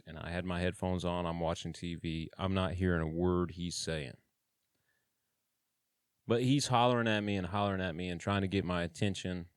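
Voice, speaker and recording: Deep-voiced guy telling a story straight up, blunt, swears a lot, dry mic. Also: no room sound. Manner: blunt, plain-spoken, with swearing and slang. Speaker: channel host telling his own story. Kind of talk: casual storytelling.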